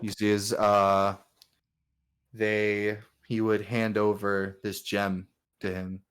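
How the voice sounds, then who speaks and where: A man runs a tabletop game in a loose, rambling way, full of "like"s. His voice sits low, and he takes his time. The narration drifts along casually. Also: slow, smooth. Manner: relaxed, filler-heavy narration with many "like"s. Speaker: game master.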